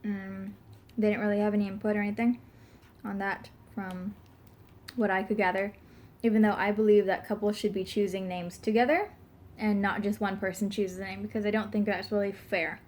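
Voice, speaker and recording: A young pregnant woman in her twenties vlogs casually to camera, rambling with frequent fillers and giggles and burping now and then. Her mid-range voice is darkish, flat and brisk.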